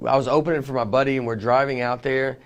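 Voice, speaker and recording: A man doing a stand-up comedy set, telling rambling stories in a deadpan, understated way, full of fillers. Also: mid-range voice, quick pace. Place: large theater stage with a live audience. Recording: reverberant hall with audience noise.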